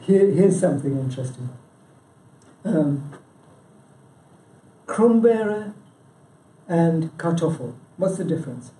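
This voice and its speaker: A man's voice: fairly high pitch, moderate pace, dark tone, far from the mic. Chatty man presenting in an echoey room. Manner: chatty, self-interrupting, with frequent "yeah?" and "you know". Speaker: branch chairman giving a talk. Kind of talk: informal presentation quizzing the audience. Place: meeting room with a live audience. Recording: echoey room, speaker away from the mic.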